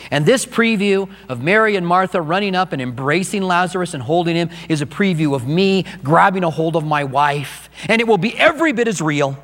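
An older man, a pastor, preaching a sermon with animated delivery and acted-out quotes. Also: high voice, fairly quick, few pauses. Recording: long hall reverb, faint mains hum.

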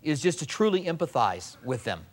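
Man, pastor, mid-high pitch; casual sermon delivery with quick mimicry and restarts. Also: big pitch swings. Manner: conversational preaching with mimicked asides and restarts.

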